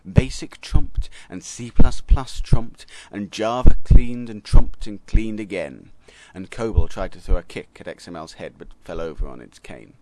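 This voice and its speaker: A man narrating a comic story with wry, deadpan asides. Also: on the low side, unhurried, hardly any pauses, dry recording, poor audio.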